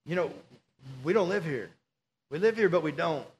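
A man's voice: fairly high pitch, animated, moderate pace. A male pastor, preaching a sermon in an earnest, pleading, conversational way.

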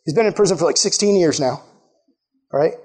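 A man with a fairly high voice preaches in a relaxed, chatty way. He tells a story to his congregation and slips into quick voices for the people in it. His delivery is lively and animated. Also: breathy edge. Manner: lively, acts out quotes in put-on voices. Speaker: pastor. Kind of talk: casual sermon storytelling.

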